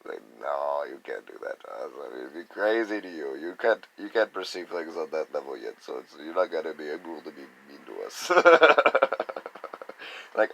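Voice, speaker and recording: Deep-voiced man rambling about spirituality. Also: sing-song, moderate pace, creaky, bright, forceful tone, poor audio. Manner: rambling, acts out others' reactions in quoted voices. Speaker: spiritual speaker. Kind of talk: casual spiritual monologue.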